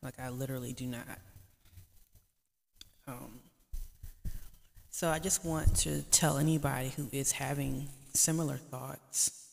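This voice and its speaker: A woman's voice: sits low, vocal fry. A woman hosting a vlog, talking earnestly and pleadingly to camera with faith-driven encouragement. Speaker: vlog host. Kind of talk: casual heartfelt talk to camera. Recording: long reverb, echoey room.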